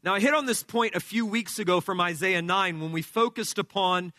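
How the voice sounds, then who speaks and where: A male pastor preaching an expository sermon, explaining scripture verse by verse in a deliberate teaching manner. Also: sits high, sharp tone, dry recording, studio quality.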